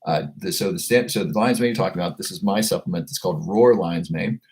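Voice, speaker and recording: A man with a low, slightly mellow voice talks fast while hosting a casual livestream to sell a supplement. He reads viewer comments aloud and answers them chattily, often restarting and repeating words.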